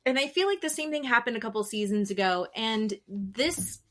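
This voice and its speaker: A woman co-hosting a casual podcast recap, animated and swearing freely as she acts out quotes. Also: on the high side, moderate pace. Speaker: podcast co-host.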